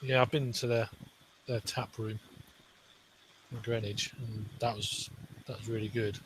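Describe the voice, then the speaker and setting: Laid-back male co-host, mid-pitched, short casual remarks, faint background hum. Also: steady tone, measured pace, low-quality recording. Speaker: podcast co-host. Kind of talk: casual chat.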